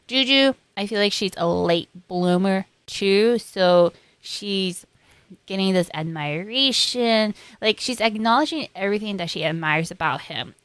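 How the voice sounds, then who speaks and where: A woman's voice: mid-range voice, fairly bright tone, no room sound. A young woman hosting an anime reaction, chatting casually in slang and acting out characters' lines.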